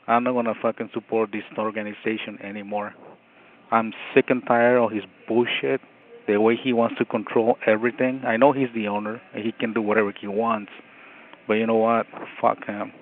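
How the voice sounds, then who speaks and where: A man from Los Angeles calling in to a fan show, angry, blunt and cursing. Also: mid-range voice. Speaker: caller. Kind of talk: angry phone call-in rant. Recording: tinny phone line with faint hiss.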